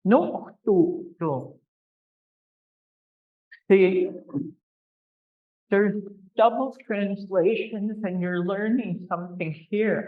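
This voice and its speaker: Language teacher for a classroom drill: very slow, deliberate delivery, repeats each word and corrects gently with a teasing streak, on a dull lo-fi recording. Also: mid-range voice. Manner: drills words by repetition, patiently corrects pronunciation; teasing, good-humoured with students. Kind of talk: classroom pronunciation lesson.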